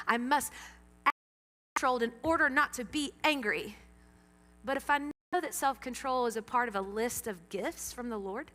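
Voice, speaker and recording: A middle-aged woman preaches to her church in a high, bright voice, playing out her own reactions as she tells stories. Her words ring out with a long reverb from the sanctuary. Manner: animated storytelling, acts out her own reactions. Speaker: pastor. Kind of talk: sermon.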